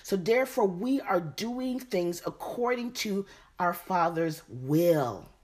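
Woman Bible teacher with a low, slow delivery who goes through scripture verse by verse. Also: lively intonation, darkish tone. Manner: reads scripture then repeats and explains it.

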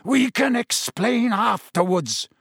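A vengeful escaped prisoner growls and snarls, as a man reads him in an audiobook. He speaks slowly and savagely, and the recording is dry and close. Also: extremely high pitch, expressive, vocal fry, a bit bright, breathy edge, dry recording, pitched above the performer's own voice, heavily acted.

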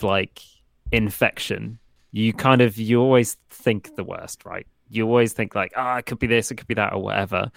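A man's voice: fairly low pitch, gravelly, fairly bright tone, dry recording, clean studio sound. A man co-hosting a podcast, chatting in an easygoing, reflective way. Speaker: podcast co-host. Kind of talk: casual chat.

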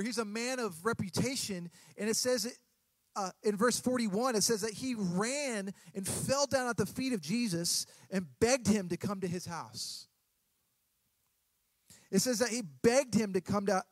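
An earnest male pastor in his thirties preaches a sermon, often stumbling and restarting mid-sentence. His voice sits fairly high for a man. The sound is dry and close, with little room echo. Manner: earnest, halting with frequent restarts.

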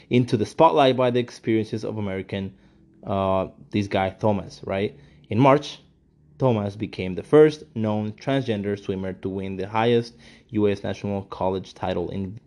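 A man's voice: fairly low pitch, darkish tone. A man giving ranting commentary while reading from a news article, heated and profane, often repeating himself.

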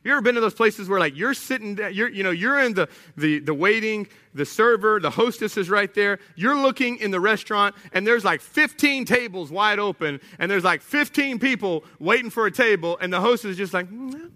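A man in his thirties preaching a sermon in church, animated, rising at times to shouts. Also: high voice, a little fast, hardly any pauses. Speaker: pastor. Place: church sanctuary.

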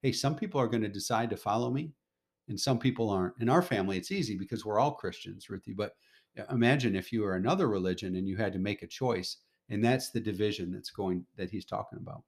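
A man casually teaching a Bible lesson to his family, reading scripture aloud and explaining it in a relaxed, conversational way that turns emphatic at times. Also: lowish voice, fast talker. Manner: relaxed, conversational, gets emphatic when paraphrasing.

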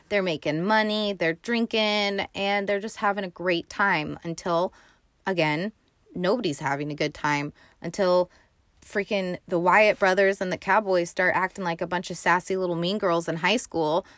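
A woman hosting a movie show, recapping a film in an animated, profane, slangy way. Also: on the low side, moderate pace, no echo, clean studio sound. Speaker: movie podcast host.

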